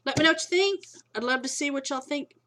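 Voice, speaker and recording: A woman's voice: high voice, fast talker, pushed and bright, slight background noise. Middle-aged woman, home vlogger; rambling, chatty, a little tired. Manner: rambling, chatty, self-interrupting. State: tired and yawning. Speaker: movie collector vlogger. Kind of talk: casual chat. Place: home room.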